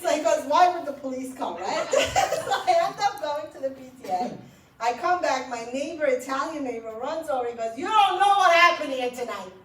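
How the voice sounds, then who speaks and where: Animated storytelling woman, roomy distant sound. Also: high voice, normal speed, noisy background. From Iran. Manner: animated, laughs often while telling stories. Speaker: author speaking at a book event. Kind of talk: storytelling talk to an audience. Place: library event room.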